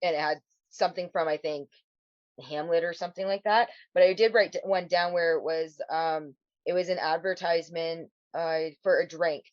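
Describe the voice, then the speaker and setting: A woman's voice: fairly low pitch, fairly even intonation, normal speed, darkish tone, no echo. A woman in her thirties co-hosting a casual podcast chat, swearing freely and laughing often. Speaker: podcast co-host. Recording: dull, lo-fi dry sound.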